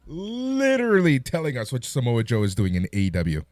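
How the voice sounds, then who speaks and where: A man's voice: mid-range voice, huge pitch swings, fairly quick, a little mellow, dry recording. A man co-hosting a wrestling podcast in casual chat, joking and moving the show along.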